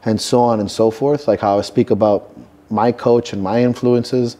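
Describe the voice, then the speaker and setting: A man's voice: mid-range voice, fairly even intonation, moderate pace, warm tone. A man coaching strongmen, talking earnestly about purpose and legacy in a podcast interview, swearing now and then for emphasis. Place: gym.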